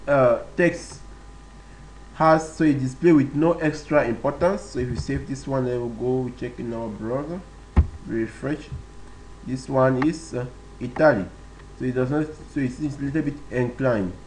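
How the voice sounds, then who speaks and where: In a screen-recorded tutorial, a man teaches web page basics slowly and step by step, using many fillers and repeated phrases. His voice is mid-range, and the low-quality recording has a little hiss or hum.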